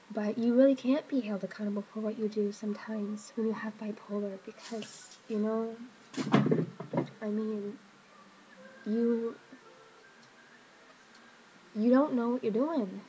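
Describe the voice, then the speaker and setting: Hesitant woman with a flat voice. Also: mid-range voice, a little hiss or hum, poor audio. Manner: halting, hesitant, many pauses and fillers. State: emotional, hurting. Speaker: vlogger. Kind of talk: personal confessional vlog.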